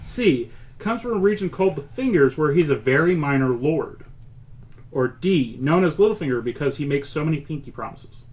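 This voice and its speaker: Man reading trivia options, slightly high. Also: lively intonation, darkish tone, rough recording. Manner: reads answer options deliberately, with chuckles. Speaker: quiz host. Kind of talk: reading trivia questions on a podcast.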